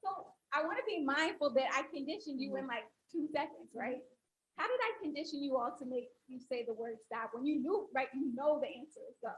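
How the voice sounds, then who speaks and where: A woman's voice: high-pitched, fairly quick, low-quality recording. A woman academic speaking on a panel, talking with animation and leading the audience through an exercise. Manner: animated, instructive, audience-engaging.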